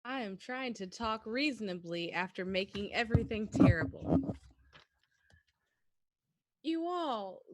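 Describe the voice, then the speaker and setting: A woman player speaking in character as a self-assured champion, measured and deliberate. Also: medium pitch. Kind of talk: in-character role-play.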